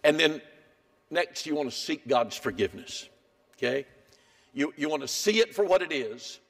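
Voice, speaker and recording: Emphatic high-voiced older preacher. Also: male voice, expressive, normal speed. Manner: dramatic swings between hushed and emphatic. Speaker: pastor. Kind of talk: sermon. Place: church sanctuary.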